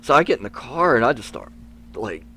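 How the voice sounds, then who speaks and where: A man telling a rambling, lively story. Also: mid-range voice, fairly quick, breathy edge. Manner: lively, rambling anecdote with many fillers and restarts. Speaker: wrestler guest. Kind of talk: storytelling in a podcast interview.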